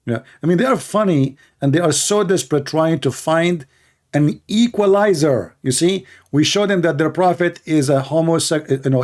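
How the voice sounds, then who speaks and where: A man hosts a call-in show, delivering a sarcastic, scornful monologue full of broken grammar and rhetorical questions. His voice is a little high and slightly mellow, and the talk is mocking commentary.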